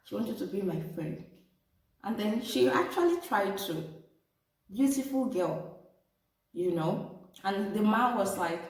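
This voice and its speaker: A woman vlogger telling a personal story and giving relationship advice straight to her viewers, animated and talking to them as "ladies". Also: medium pitch, slow, long pauses. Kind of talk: casual storytelling to camera. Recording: echoey room, distant from mic.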